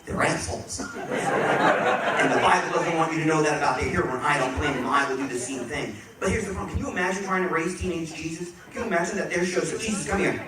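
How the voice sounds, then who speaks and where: A man performing a stand-up comedy set in a comedy club, teasing the crowd with punchy, quick jokes. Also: fairly high pitch. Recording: echoey club audio from a distance. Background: audience laughter and room noise.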